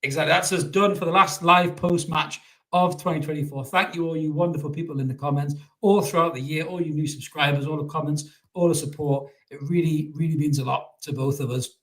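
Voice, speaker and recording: A man co-hosting a live post-match football show, his voice sitting a little high. He swears freely, tells jokes, and stumbles over repeated words when he gets excited. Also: a little fast. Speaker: football podcast co-host.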